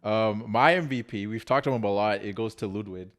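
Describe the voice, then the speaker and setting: A man co-hosting a casual film podcast, his voice mid-pitched. He talks fast in a loose, easygoing way, with plenty of agreeable fillers. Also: crowd noise. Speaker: podcast co-host. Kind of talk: casual chat about a film.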